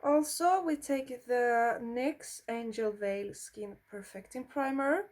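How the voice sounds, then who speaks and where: Slow-talking Swedish-accented woman. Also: fairly high pitch, a little mellow. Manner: blunt, swears freely, chatty. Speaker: beauty vlogger. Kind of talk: casual makeup tutorial chat.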